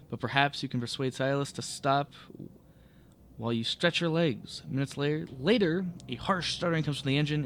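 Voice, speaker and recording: With a little hiss or hum in the recording, a medium-pitched male voice reads aloud from a solo tabletop game. He keeps stumbling, rereading words, and pausing to fix his own mistakes.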